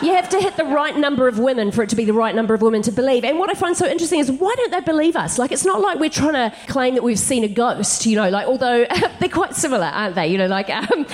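A woman comedian telling funny stories on stage, giggling and animated as she talks to a live audience. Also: high-pitched, fast. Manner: giggly, animated, laughs through lines. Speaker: comedian, co-host. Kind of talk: live stand-up storytelling.

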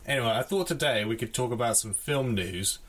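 A man's voice: medium pitch, brisk, a bit bright. Rambling, jokey male podcast host. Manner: rambling, self-deprecating, jokey. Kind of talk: casual solo chat. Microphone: audio interface.

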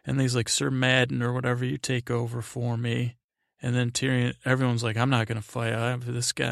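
A man with a gravelly, creaky voice rambles through a casual recap, full of fillers and side remarks. He speaks in a flat tone, close to the mic in a dry room. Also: mid-range voice, no room sound. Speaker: podcast host. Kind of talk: rambling sleep podcast episode recap.

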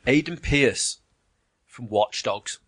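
A man in casual chat about video games, an animated storyteller who swears and mimics voices. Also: medium pitch, slow, slightly rough, no echo.

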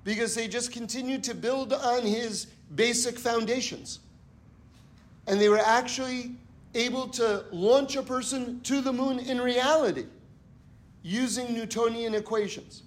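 This man's voice is extremely high, steady in tone, and unhurried. He delivers a storytelling Torah lesson, voicing the characters and frequently asking his listeners "right?"

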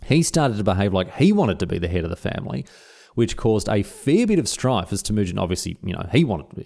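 Animated Australian man telling history. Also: on the low side. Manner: animated, irreverent, slangy. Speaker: podcast host. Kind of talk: casual history storytelling.

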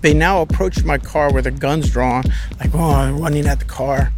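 A man's voice: on the high side, fairly even intonation, moderate pace, over loud music. A man as an interview guest, telling a story casually with a vivid, profane manner.

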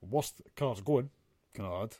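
A man's voice: lowish voice, expressive, unhurried, warm tone, dry recording. A man co-hosting a casual podcast chat, blunt and sweary, ranting with plenty of filler. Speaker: podcast co-host.

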